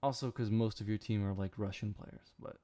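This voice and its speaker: Tired dude rambling to his stream chat late at night, mellow gravelly voice. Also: lowish voice, fairly even intonation, fairly quick. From Canada. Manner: rambling, joking, talks to chat. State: sleepy.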